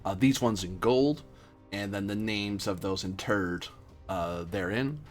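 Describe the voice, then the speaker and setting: Low-voiced tabletop game master. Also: male voice, unhurried, faint music behind. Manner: relaxed, with many fillers and self-corrections.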